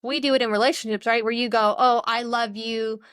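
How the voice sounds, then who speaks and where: A woman's voice: a little high, steady tone, fairly quick, a bit bright, smooth, dry recording, studio quality. A young adult woman co-hosting a podcast, talking in a rambling, earnest, chatty way. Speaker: podcast co-host. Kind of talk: casual chat.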